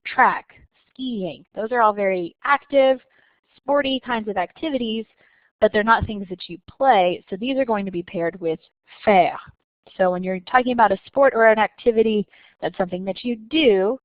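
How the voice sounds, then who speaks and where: A woman teacher explaining a lesson patiently and clearly, slowing down to stress each example. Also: medium pitch, no echo, dull audio. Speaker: French teacher. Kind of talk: recorded lesson narration.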